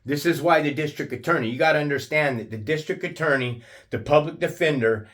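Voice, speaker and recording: A man telling a personal story in an angry, profane rant, restarting his sentences and shouting out the lines he quotes. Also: fairly high pitch, fairly quick. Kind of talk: angry ranting monologue.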